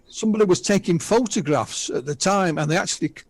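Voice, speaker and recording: Fast and lively, with a high voice and no room sound, a sixty-something UFO researcher from northern England tells witness stories with asides during a casual radio interview. He has a Northern English accent.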